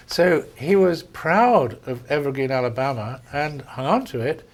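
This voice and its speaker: Older man, English accent, anecdotal, hesitant ums, medium pitch. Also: unhurried, few pauses. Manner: anecdotal storyteller with frequent ums and restarts. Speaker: surgeon interviewee. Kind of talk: reminiscing in a conversation.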